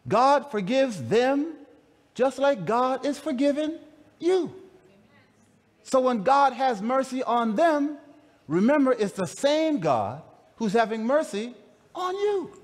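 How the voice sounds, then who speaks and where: A man's voice: very high-pitched, sing-song, slow. A man preaching a sermon in a dramatic, conversational way, calling out to his congregation. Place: large camp meeting hall. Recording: long reverb of a large hall.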